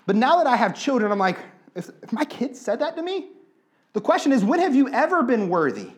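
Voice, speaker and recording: A man in his thirties, a pastor preaching an animated sermon and driving points home by repeating phrases. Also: very high voice, fairly quick.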